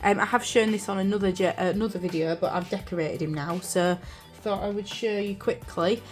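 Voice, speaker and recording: A young British woman chatting casually as she films a vlog about her journal, rambling with fillers and quick apologies, recorded on a camera on a desk stand. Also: mid-range voice, faint music behind. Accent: British English. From United Kingdom. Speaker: journaling vlogger. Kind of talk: casual chat. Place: craft room indoors.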